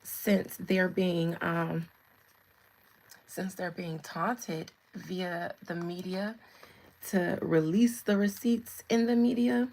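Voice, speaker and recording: A woman's voice: on the low side, fairly even intonation, slow pace, a little mellow, poor audio. A woman in her thirties reading tarot on a casual livestream, chatting with viewers and laughing often. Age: 30s. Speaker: tarot reader.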